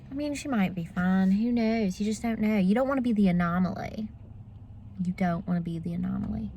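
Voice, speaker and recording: A woman's voice: medium pitch, fairly bright tone, slight background noise. A woman, chatting casually to her viewers in a vlog. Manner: chatty, talks straight to viewers. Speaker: vlogger.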